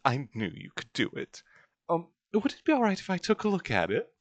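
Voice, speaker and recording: A man voicing a polite young woman dancer in a gentle, lifted voice while reading game lines. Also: fairly high pitch, wildly swooping pitch, a little fast, dry recording, voice pushed up. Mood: sweet.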